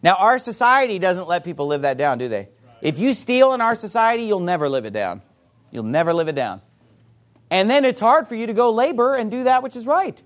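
A pastor preaching a sermon to a congregation, forceful and emphatic, with rhetorical questions. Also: male voice, sits high, big pitch swings, a little fast.

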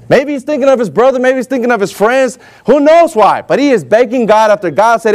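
A man preaching a sermon, reading scripture aloud and acting out the figures in a lively, animated way. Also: very high-pitched, a little fast, hardly any pauses. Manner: animated, acts out voices for Moses and God. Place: warm indoor church hall.

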